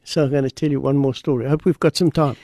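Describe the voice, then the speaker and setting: Brief: man, guest pastor, gravelly voice, slow emphatic storytelling. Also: medium pitch, steady tone, mellow, dry recording, studio quality. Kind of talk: preaching and storytelling on radio.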